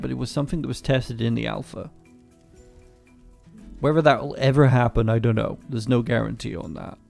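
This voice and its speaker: A man's voice: medium pitch, creaky, a little mellow. A man streaming a farming game, chatting casually with sweary, ranting asides. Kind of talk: casual gameplay commentary.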